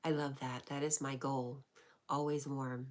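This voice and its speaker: A woman with a low, deep voice reads and answers live chat as a stream host. She talks softly and affectionately, often sinking into a breathy whisper between plainer phrases. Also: little pitch movement, a little slow, a little hiss or hum. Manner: soft-spoken, often dropping into a whisper; warm, affectionate replies with frequent laughs. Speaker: livestream host.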